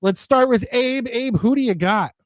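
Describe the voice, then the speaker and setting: A man with a notably high voice hosts a live sports talk show, keeping things moving in an easygoing way. The sound is dry and close, without any room echo. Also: moderate pace. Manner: easygoing, steers the segment. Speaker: host. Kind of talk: casual chat.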